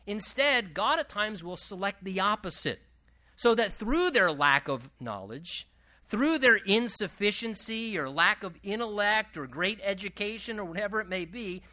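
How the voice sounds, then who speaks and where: Bright-toned emphatic preacher. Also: mid-range voice. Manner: emphatic, repeats key phrases. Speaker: pastor. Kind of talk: sermon. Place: church service.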